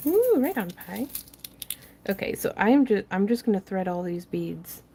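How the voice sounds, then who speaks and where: A young woman talks her way through a craft project on a livestream, chatty and quick to laugh. Her voice sits at a middle pitch, and a faint room hum stays underneath. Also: very animated, warm tone. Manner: chatty, laughs often, reads viewer comments aloud. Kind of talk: casual craft tutorial livestream chat.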